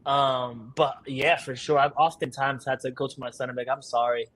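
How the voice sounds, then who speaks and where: A man's voice: medium pitch, level tone, moderate pace, a bit bright. A man speaking as a guest, a father talking candidly and laughing through his stories in casual conversation.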